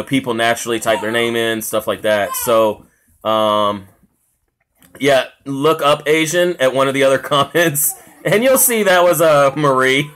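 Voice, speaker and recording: A man's voice: medium pitch, fairly bright tone, a little hiss or hum. A man with a drawl hosts a casual live stream from his home. He rambles through his points with plenty of filler words, stopping often to greet viewers and answer their comments. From South Carolina. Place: home, with family noise around.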